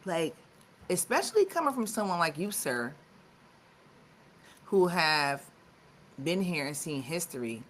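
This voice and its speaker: A woman's voice: fairly low pitch, sing-song, a little slow, long pauses, fairly bright tone, slight background noise. A woman co-hosting a live talk show, chatting casually with lots of fillers and restarts. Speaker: co-host.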